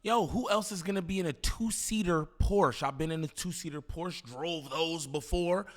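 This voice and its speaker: A man's voice: fairly high pitch, moderate pace. Incredulous slangy man reacting to a clip. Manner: incredulous, slangy, repeats himself, laughs. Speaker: commentary host reacting to a clip. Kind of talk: casual reaction commentary.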